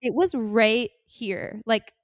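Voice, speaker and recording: A young woman from Florida co-hosting a podcast. She tells stories in a lively, casual way and acts out her own past lines. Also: a little high, slow, no room sound, clean studio sound. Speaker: podcast co-host. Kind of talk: casual chat. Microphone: desk mic on a stand.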